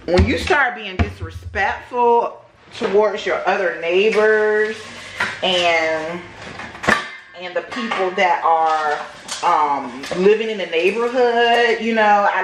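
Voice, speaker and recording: A woman's voice: medium pitch, background noise. Chatty woman vlogger in a roomy space. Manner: animated, chatty, addresses viewers as y'all. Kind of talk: casual storytelling to viewers. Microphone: camera microphone. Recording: roomy echo.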